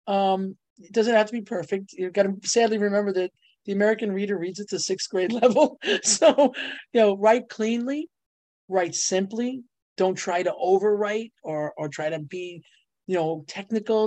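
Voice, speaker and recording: A middle-aged woman, a publisher and ghostwriter, telling stories as an interview guest, laughing often and jumping up in pitch on her punchlines. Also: lively intonation, moderate pace, dark tone, dry recording. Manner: bubbly storyteller, laughs often, voice jumps up on punchlines. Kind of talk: animated casual interview talk.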